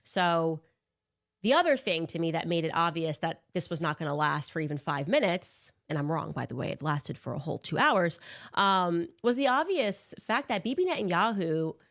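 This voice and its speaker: A woman delivering opinionated political commentary in a sarcastic, animated way. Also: lowish voice, normal speed. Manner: sarcastic, animated, mocks with put-on voices.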